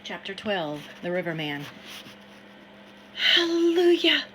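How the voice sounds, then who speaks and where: A woman narrating a novel in first person, steady and measured. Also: medium pitch, background noise. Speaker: audiobook reader.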